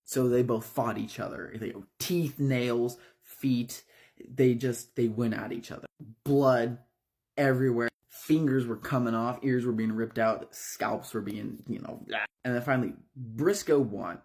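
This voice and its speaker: A man's voice: mid-range voice, fairly even intonation, unhurried, a little mellow. A man casually retelling a horror story, in a loose, conversational way.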